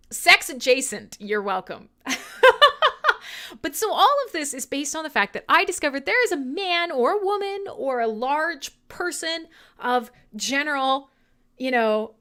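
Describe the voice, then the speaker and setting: A woman's voice: sits high, sharp tone. A woman hosting a casual live show, chatting with listeners in an irreverent, joking way, swearing freely and laughing often. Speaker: radio show host.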